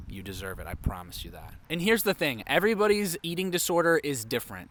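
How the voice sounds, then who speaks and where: Young male vlogger, slightly higher pitch, candid and animated personal storytelling. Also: slight background noise. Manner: candid, animated, heavy use of "like".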